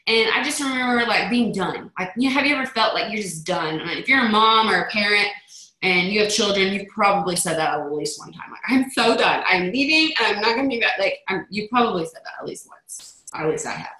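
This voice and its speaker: A woman's voice: mid-range voice, brisk, sharp tone. Chatty woman in an echoey room. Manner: chatty, acts out quoted voices. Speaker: network marketing team leader. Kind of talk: motivational team call talk.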